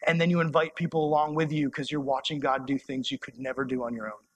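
A young man preaching a sermon as a youth pastor, conversational and impassioned, sometimes dropping to soft, intimate tones. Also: fairly high pitch, steady tone, fast talker, no echo.

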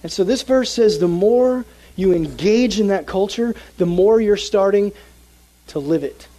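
A young man preaching to a youth group, telling a story with lively, animated energy. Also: high-pitched, a little slow, low-quality recording. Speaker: youth pastor. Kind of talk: sermon with a personal story.

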